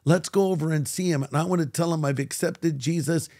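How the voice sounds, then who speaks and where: A man's voice: fairly high pitch, fairly quick, dry recording, clean studio sound. An older man, a guest pastor, telling a personal story in an interview and acting out the voices of the people in it. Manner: animated storyteller who acts out quoted voices.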